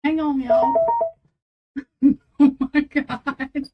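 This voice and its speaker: A high-pitched woman hosting a live tarot reading, talking straight to her viewers in a loose, casual way. She sounds flustered and giggly, and laughter breaks into her lines as she goes. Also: flat delivery, drawn-out words, muffled recording, faint music behind. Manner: talks straight to viewers and chat. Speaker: tarot reader on a live stream.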